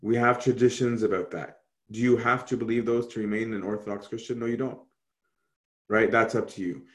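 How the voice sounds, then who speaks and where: A man's voice: lowish voice, steady tone, a little fast. A man teaching an Orthodox Christian class over a video call, talking casually and asking many rhetorical questions.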